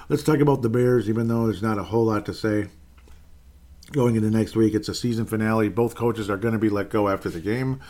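A man's voice: lowish voice, a little mellow. A man giving a casual solo recap of football games, wry and self-correcting. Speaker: sports commentator. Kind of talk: solo NFL recap commentary.

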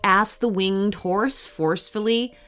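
A woman's voice: medium pitch, fairly even intonation, slow pace, fairly bright tone, smooth. A woman narrating a children's story expressively, acting out the characters.

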